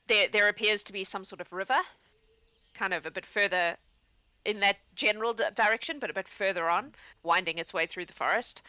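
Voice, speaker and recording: A woman's voice: on the low side, sharp tone, dry recording. A woman running a tabletop game as game master, chatty and laughing, sometimes searching for words.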